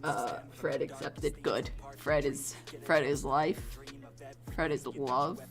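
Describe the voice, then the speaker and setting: A young woman streamer chats casually while drawing a storyboard, rambling, giggling, and swearing offhand. Her low voice stays steady and slow, with soft music in the background.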